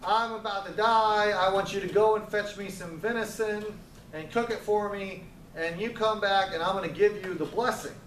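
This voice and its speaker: A man's voice: high voice, normal speed, a bit bright, slight background noise. A man voicing an old, nearly blind father who questions his sons, in a casual storytelling tone. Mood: weary. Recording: roomy, distant, faint ambience.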